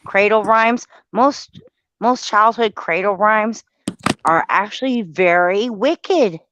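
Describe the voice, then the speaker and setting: Woman co-host, earnest, unhurried, dry dull audio. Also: mid-range voice, noisy background. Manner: earnest, searching for words. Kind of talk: casual chat.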